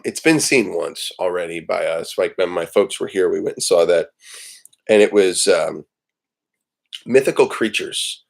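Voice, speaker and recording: A man's voice: low voice, gravelly. A man hosting a casual morning livestream from home, rambling and joking with plenty of ums and uhs. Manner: rambling and joking, with many fillers. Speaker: livestream host. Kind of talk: casual chat.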